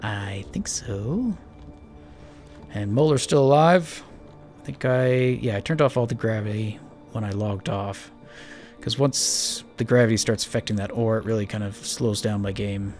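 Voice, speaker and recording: A man's voice: lowish voice, measured pace, darkish tone, soft background music. A man giving casual, rambling let's-play commentary while playing a space building game, joking at his own expense. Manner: chatty, rambling, self-mocking. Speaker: gaming channel host.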